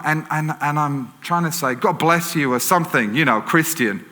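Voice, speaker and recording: English man preaching in a bright, reverberant hall. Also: on the high side, lively intonation, normal speed, hardly any pauses. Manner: conversational storytelling with fillers and self-corrections. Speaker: pastor. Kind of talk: sermon. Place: church auditorium. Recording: long church hall reverb.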